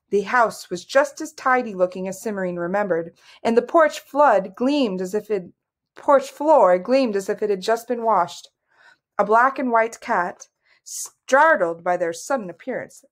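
A woman reading a fantasy novel aloud with steady storytelling narration. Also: mid-range voice. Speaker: audiobook reader. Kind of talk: scripted narration.

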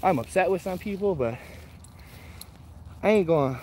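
High-voiced, profane man chatting outdoors. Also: lively intonation, unhurried, a little hiss or hum. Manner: profane, blunt, laid-back, laughs often; shouts for his dogs. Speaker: vlogger reading live chat. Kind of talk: casual rambling chat on a walk. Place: outdoors on a morning walk with dogs.

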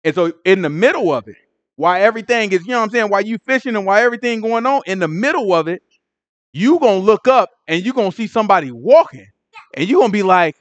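Animated high-voiced man teaching scripture. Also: fast, no room sound, dull audio. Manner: animated storytelling, acting out the scene in voices. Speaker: Bible study teacher. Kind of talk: casual Bible study teaching.

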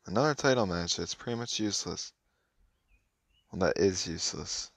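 A man's voice: sits low, expressive, moderate pace, gravelly, fairly bright tone, no echo, studio quality. A man giving offhand, casual running commentary while playing a mobile game, muttering his thoughts as he goes.

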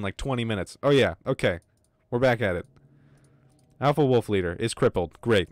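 A gaming streamer speaks expressively at normal speed in a medium-pitched voice, with no room sound. During his live game stream he chats casually with viewers, rambling and joking, swearing freely, with some wheezy breathing.

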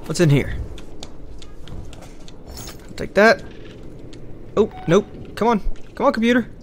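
A man's voice: sits high, lively intonation, slow, a little hiss or hum. A man giving casual, sarcastic, profane commentary as he plays a video game, muttering to himself. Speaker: let's play host.

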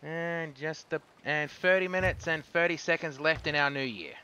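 A man's voice: on the high side, moderate pace, bright, forceful tone, a little hiss or hum. An Australian man chatting casually while streaming a game, cursing when things go wrong. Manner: chatty, swears when frustrated. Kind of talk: casual live game commentary. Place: home room with fireworks outside.

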